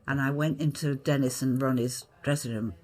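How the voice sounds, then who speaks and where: A woman's voice: extremely low pitch, steady tone, moderate pace, a little mellow. Older theatrical woman telling stories. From Hull, England. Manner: vivid, theatrical storyteller slipping into voices. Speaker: guest, actress. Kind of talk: anecdotal interview storytelling.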